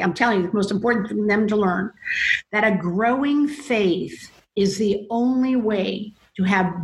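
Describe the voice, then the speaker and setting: Middle-aged woman in an echoey room. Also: medium pitch. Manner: earnest, storytelling, acts out voices in quotes. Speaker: guest, mother. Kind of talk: Christian parenting talk. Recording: roomy echo.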